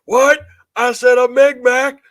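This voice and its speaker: A man voicing a gruff male prankster who shouts drive-through orders in a barking manner. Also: very high-pitched, little pitch movement, slow pace, pitched above the performer's own voice, exaggerated voice. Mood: belligerent.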